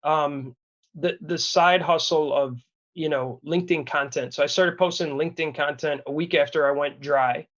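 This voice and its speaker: A man's voice: a little high, fairly even intonation, normal speed, fairly bright tone, lo-fi sound. A man in his thirties from Wisconsin, telling a personal story as a podcast guest in a candid, earnest, rambling way with many restarts. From Wisconsin, USA. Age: 30s.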